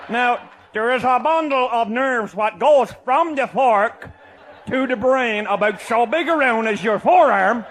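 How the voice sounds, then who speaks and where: Newfoundland guy spinning a tall tale, real high voice, hollering and laughing as he goes. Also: slight background noise. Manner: boisterous, often shouting and laughing mid-sentence. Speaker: comic storyteller. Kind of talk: comic tall-tale storytelling.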